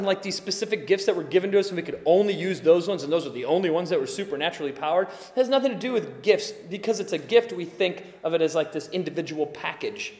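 A man in his forties preaching a sermon as pastor, animated, acting out little scenes and dropping to soft murmurs. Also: high voice, quick pace, hardly any pauses, long reverb tail. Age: 40s.

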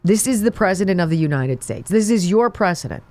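A woman's voice: on the low side, animated, brisk, warm tone, no echo. A woman hosting a political talk show, delivering sarcastic, mocking commentary.

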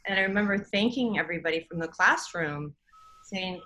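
A woman's voice: fairly low pitch, brisk, pushed and bright, poor audio. A middle-aged woman in casual podcast chat, telling a story in an emotional, rambling way.

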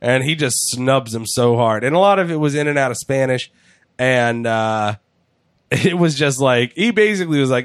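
A man's voice: medium pitch, animated, moderate pace, clean tone, no room sound, studio quality. A man hosting a podcast, chatting casually and profanely with jokes, often acting out other people's lines. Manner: profane, jokey, acts out voices. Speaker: podcast host. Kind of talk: casual wrestling chat.

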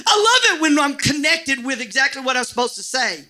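A middle-aged man preaching a sermon as pastor, animated and joking, now and then shouting. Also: very high voice, brisk. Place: church.

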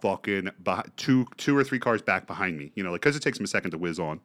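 A young man in a loose podcast conversation, cursing freely and acting out his own gasps and shouts. His pitch jumps all over as he tells the story. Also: fast. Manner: animated storyteller, swears freely, acts out his own reactions. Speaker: podcast co-host. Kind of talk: casual chat.

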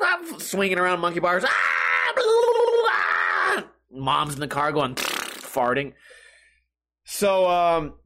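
A man's voice: high voice, sharp tone. A young man hosting a comedy podcast, telling a self-mocking story casually, swearing and laughing at his own jokes. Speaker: podcast host.

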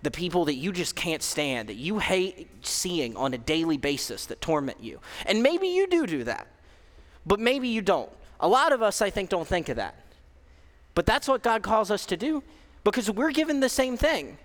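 A man's voice: high-pitched, very animated, normal speed, big-room sound. A young man giving a conversational sermon, candid and self-deprecating, with frequent fillers and restarts. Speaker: preacher. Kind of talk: casual sermon.

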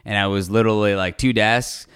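A man, a lawyer, telling stories from his career in a casual, animated interview and swearing casually. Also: on the low side, fairly quick, clear, resonant tone. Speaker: guest, lawyer.

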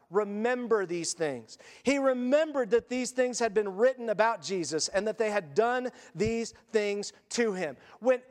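A man, a pastor, delivering a sermon with animated storytelling, acting out biblical figures in quick voices. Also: extremely high pitch, long reverb tail.

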